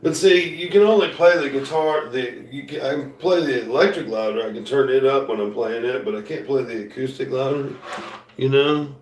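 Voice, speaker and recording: A man chatting casually to viewers as a musician, a loud talker who rambles and restarts his sentences. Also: mid-range voice, moderate pace. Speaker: musician streaming live. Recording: roomy sound, mic at a distance.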